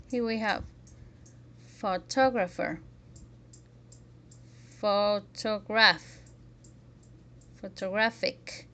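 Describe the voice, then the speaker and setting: A woman's voice: medium pitch, a little mellow. A woman teaching a pronunciation lesson, carefully modelling example words one by one.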